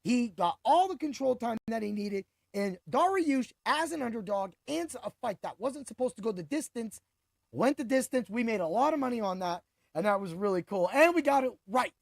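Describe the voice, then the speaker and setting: A man in his forties hosting a sports podcast, talking through fight picks in a hyped, boastful way with quick bursts of emphasis. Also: very high-pitched, expressive, creaky, no echo, clean studio sound. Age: 40s. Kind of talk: casual sports commentary.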